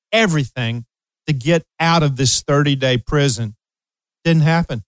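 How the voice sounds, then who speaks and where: Speaking at a moderate pace with a fairly high pitch, a radio host and coach in his late sixties gives parents emphatic advice, repeating key phrases and weaving in a personal anecdote. There is no echo, though the audio is poor.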